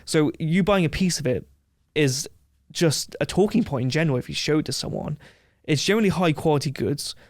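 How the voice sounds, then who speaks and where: A man as a podcast guest, telling rambling, animated anecdotes with frequent laughs in a casual interview. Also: fairly high pitch, brisk, dry recording, clean studio sound.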